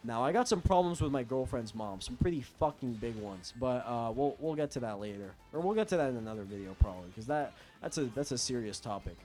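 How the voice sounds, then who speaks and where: A man's voice: medium pitch, expressive, quick pace, few pauses, darkish tone, soft background music. A young man telling a personal story in a casual rant, profane, rambling and agitated. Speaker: storytelling vlogger.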